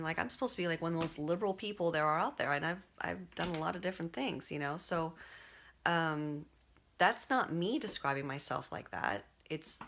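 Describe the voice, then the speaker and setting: A woman's voice: low voice, fairly bright tone. A woman streaming live as an artist, talking to her viewers in a rambling, conversational way full of fillers and restarts. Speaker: artist and livestream host. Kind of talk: casual monologue to viewers.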